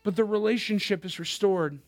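A man's voice: high-pitched, moderate pace. A man in his thirties preaching a casual, conversational sermon as a youth pastor, addressing the crowd directly.

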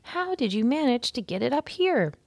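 A woman's voice: high voice, sing-song, normal speed, gravelly, a little mellow, dry recording, pitched above the performer's own voice, exaggerated voice. A woman voicing a curious young boy who is sick in bed, in a storybook reading. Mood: eager. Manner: eager.

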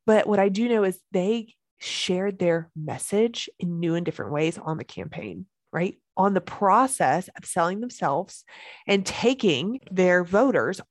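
A woman's voice: lowish voice, lively intonation, a little slow, no room sound. A woman hosting a solo podcast as a business coach, talking with energy and emphasis and repeating key phrases.

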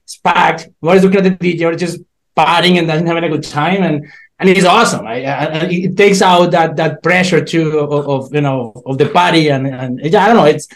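High-voiced, excitable young man. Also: fairly quick. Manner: excitable, swears often, repeats words. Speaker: podcast co-host, DJ. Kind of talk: casual chat.

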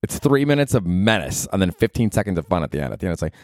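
Low-voiced sarcastic man hosting a podcast. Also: racing, no room sound, clean studio sound. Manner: sarcastic, swears a lot, animated asides. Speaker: podcast host. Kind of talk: casual comedic monologue.

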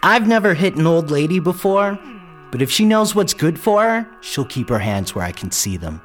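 Animated man narrating a story. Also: a little high, moderate pace, soft background music. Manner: lively, wry storyteller. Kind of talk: first-person story narration.

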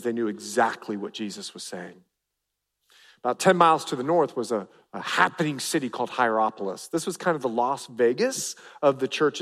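A middle-aged man preaching a sermon as pastor, animated and acting out family voices. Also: fairly high pitch. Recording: long reverb of a large hall.

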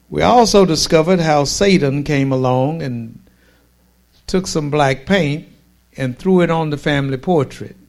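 A man preaching a sermon with a slow, drawn-out cadence, pausing for emphasis and delivering forceful declarations. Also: mid-range voice.

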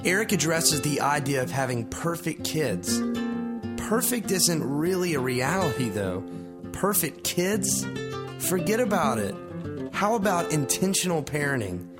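A man's voice: fairly high pitch, very animated, measured pace. A man hosting a podcast, reading a friendly scripted introduction. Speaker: podcast host. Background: loud guitar music.

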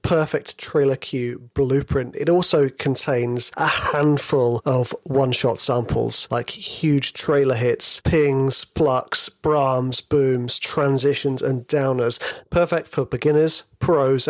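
A man's voice: mid-range voice, fairly even intonation, slow pace, no room sound. A British man hosting a solo podcast, telling a rambling, self-deprecating story in a casual, chatty way. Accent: British English. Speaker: podcast host.

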